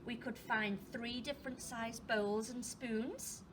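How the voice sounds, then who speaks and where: A woman teacher reading a storybook to young children, expressive and asking them questions as she goes. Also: a little high, slow, slight background noise. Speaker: primary school teacher.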